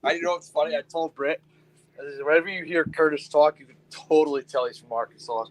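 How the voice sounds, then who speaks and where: Young male host, easygoing and loose, swears casually, slightly high pitch. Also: fast talker, slight background noise, rough recording. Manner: laid-back, swears casually, trails off with ums. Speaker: chat room host. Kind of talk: casual group chat.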